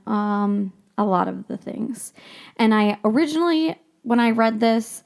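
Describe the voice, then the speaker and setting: A woman's voice: fairly high pitch, fairly even intonation, unhurried, creaky, darkish tone. A young woman hosting her own podcast from home, chatting casually and rambling, with frequent laughs and casual swearing. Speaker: podcast host. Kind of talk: casual solo podcast chat.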